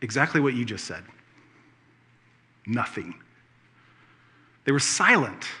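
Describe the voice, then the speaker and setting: Bright-voiced animated male preacher. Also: mid-range voice, takes it slowly, breathy edge. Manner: animated storytelling with playful asides. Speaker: pastor. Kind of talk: sermon.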